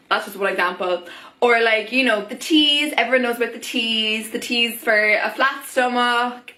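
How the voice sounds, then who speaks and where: A young woman talking casually to camera in an opinion vlog, chatty and animated, full of "like" and "oh my god". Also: mid-range voice, reverberant. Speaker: vlogger.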